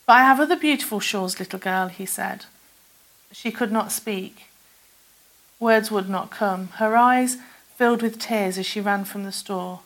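Woman storyteller, slightly high voice, gentle read-aloud of a children's tale. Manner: gentle, soft-spoken reading with quoted character voices.

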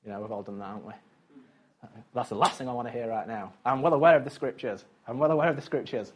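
A man's voice: medium pitch, fast talker, breathy edge. A man preaching a casual, conversational sermon, chatty and self-mocking, with frequent asides to his listeners.

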